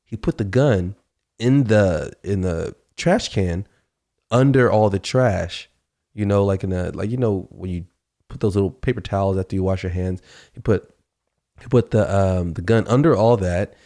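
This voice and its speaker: A man's voice: low-pitched, normal speed, mellow. A man hosting a podcast, telling a story casually with lots of fillers and acted-out dialogue. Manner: conversational, acts out quoted dialogue, many fillers. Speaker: podcast host.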